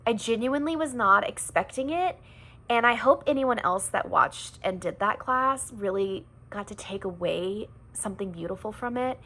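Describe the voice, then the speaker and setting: A woman in a fitness program giving an earnest, halting, self-deprecating video testimonial. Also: medium pitch, lively intonation, pushed and bright.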